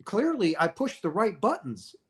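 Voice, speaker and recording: An emphatic man speaks straight to his livestream viewers in a loose, animated way. His voice sits a little high for a man, and he keeps checking in with a quick "right?" as he talks. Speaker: livestream host sharing near-death experience views. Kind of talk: casual livestream talk to viewers. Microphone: streaming setup mic.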